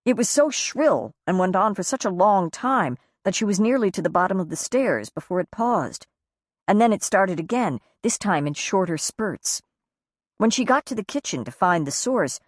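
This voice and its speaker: A woman reading a novel aloud as an audiobook narrator, acting out the dialogue with raised pitch and force. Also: dry recording, clean studio sound. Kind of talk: scripted narration.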